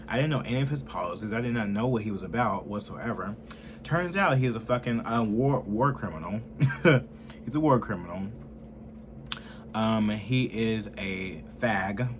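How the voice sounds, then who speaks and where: A man in his twenties ranting heatedly and profanely in a political commentary, swinging from loud outbursts to low muttering. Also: expressive, normal speed, background noise. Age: 20s.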